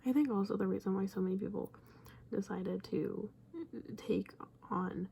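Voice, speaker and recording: Gravelly young woman, half-whispered rambling. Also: medium pitch, fairly even intonation, normal speed, dark tone, a little hiss or hum. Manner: rambling, often drops to a whisper. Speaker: viewer commenting on a video. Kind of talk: casual reaction commentary.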